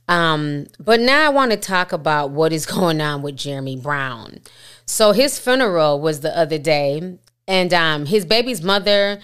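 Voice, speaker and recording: This host of a commentary vlog has a low, slightly bright, smooth voice. She keeps things conversational and talks directly to the people watching.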